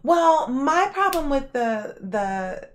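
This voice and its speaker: A woman's voice: high-pitched, slow pace. Chatty woman streamer rambling with viewers. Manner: rambling, filler-heavy, animated. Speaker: livestream host. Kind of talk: casual chat answering viewers.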